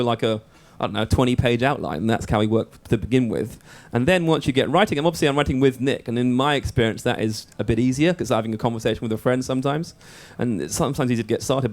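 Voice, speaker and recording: Fast-talking director, brisk. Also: male voice, medium pitch. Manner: brisk, explanatory, chatty. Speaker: film director guest. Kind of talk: press event Q&A.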